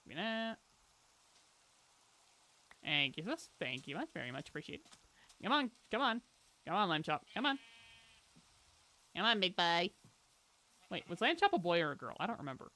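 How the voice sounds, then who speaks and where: Chatty, bright-voiced game streamer. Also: medium pitch. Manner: chatty and playful, talking to chat and pet; bursts into loud exclamations. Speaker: live streamer. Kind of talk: casual gameplay chat.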